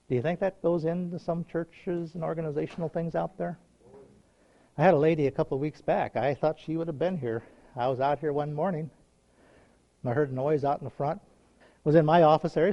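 Folksy pastor on lo-fi recording. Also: male voice, a little high. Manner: folksy, chatty, chuckles often. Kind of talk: informal sermon storytelling. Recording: dull lo-fi recording.

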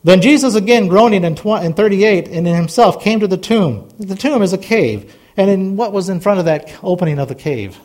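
A high-pitched man delivers a sermon to his congregation. He reads scripture in a folksy, rambling way with homespun asides. He grows fervent as he exhorts the listeners. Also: expressive, brisk, darkish tone. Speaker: pastor.

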